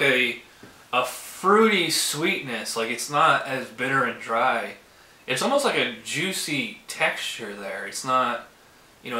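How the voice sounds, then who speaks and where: A man's voice: medium pitch, pushed and bright. A man hosting his own beer review show, talking casually and rambling with lots of fillers as he tastes. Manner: rambling, heavy use of "like" and "um". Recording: roomy echo.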